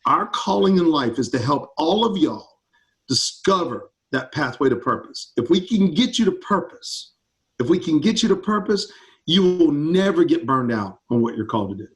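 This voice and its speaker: Eager pastor on a call. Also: male voice, on the high side, very animated, normal speed, fairly bright tone. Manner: enthusiastic, eager, upbeat. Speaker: campus ministry pastor. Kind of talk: casual Q&A with students on a video call.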